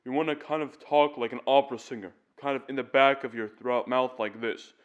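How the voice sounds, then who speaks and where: A man's voice: mid-range voice, steady tone, a little fast, highs cut off. A man teaching singing, explaining vocal tips step by step in an earnest, demonstrative way. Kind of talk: casual vocal tutorial.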